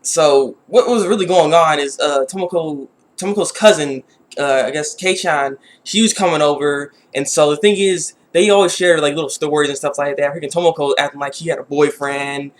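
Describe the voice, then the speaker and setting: Male reviewer with a high voice. Rambling, casual, frustrated delivery. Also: normal speed. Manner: rambling, many restarts and "like"; exasperated. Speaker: anime reviewer.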